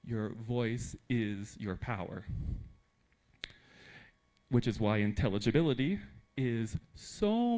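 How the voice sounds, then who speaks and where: A young American man giving a live presentation to teachers in a theater, lively and joking with the audience. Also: mid-range voice. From United States. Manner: animated, talks with humor and audience asides. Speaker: conference speaker.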